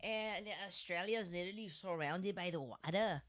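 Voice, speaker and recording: A woman co-hosting a casual podcast, playful and quick to laugh, trying out comic accents. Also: lowish voice. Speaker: podcast co-host. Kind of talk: casual chat.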